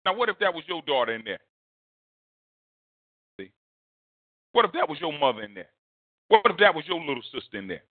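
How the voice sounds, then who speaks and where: A male pastor preaching a storytelling sermon, leaping high in pitch to act out a shouting crowd. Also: a little fast, pauses often, no room sound. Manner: animated, swings high to mimic a shouting crowd. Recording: dry, phone-like narrow sound.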